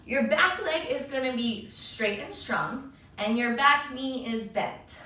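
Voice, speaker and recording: Upbeat high-voiced woman in an echoey room. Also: expressive, slow, pushed and bright, distant mic, a little hiss or hum. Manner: upbeat, encouraging, talks to kids as friends. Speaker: kids yoga instructor. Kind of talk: guided yoga for children.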